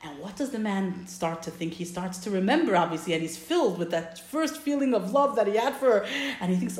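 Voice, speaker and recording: A woman teaching a class over a video call, telling a parable in an animated, emphatic way. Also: mid-range voice, fairly quick, echoey room. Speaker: religious teacher.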